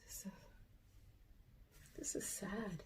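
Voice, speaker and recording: A middle-aged woman, a life coach, reacting to a video, animated and exclamatory at times, then soft and earnest. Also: takes it slowly, in a whisper. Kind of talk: reaction commentary.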